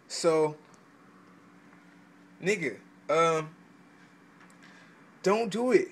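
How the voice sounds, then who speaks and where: A man ranting in a profane vlog, stammering through restarts and swinging into loud outbursts. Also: on the high side, moderate pace. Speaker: vlogger giving selling advice.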